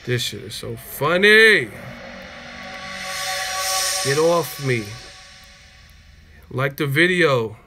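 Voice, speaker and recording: A man's voice: medium pitch, sing-song, extremely slow, long pauses, pushed and bright, faint music behind. A man hosting a live stream, reacting to clips with profanity and laughter. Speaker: boxing channel host. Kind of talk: casual live-stream commentary.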